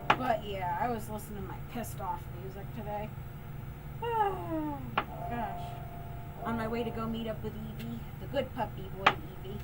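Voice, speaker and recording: A woman's voice: a little high, big pitch swings, moderate pace, heavy background noise. A woman livestreaming as she makes soap, chatting casually, laughing often and reading chat aloud. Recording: lofi music in background. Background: lofi music playing.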